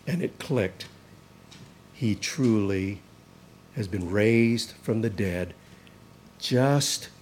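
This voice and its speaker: A man's voice: fairly low pitch, a little mellow, a little hiss or hum. A man preaching a sermon, reading scripture aloud and stressing key words with emphatic rises. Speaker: pastor.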